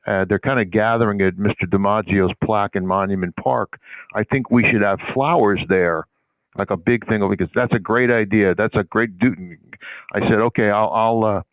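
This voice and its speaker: A man's voice: fairly low pitch, normal speed, dry recording. An older man, a guest on a sports public relations interview, tells a long anecdote in a rambling, conversational way and acts out the people in his story. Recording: tinny phone-line audio, dry.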